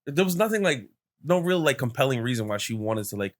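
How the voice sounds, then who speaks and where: Give me a young male podcast host chatting casually and animatedly, his voice at a medium pitch. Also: brisk. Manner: animated retelling with lots of "like" and quoted voices. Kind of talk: casual chat, storytelling.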